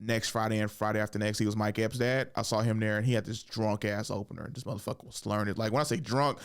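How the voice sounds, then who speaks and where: A man in his thirties, a comedian hosting a podcast, talking casually in a rambling, profane, animated way in a podcast studio. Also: lowish voice, fast talker, hardly any pauses, smooth. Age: 30s.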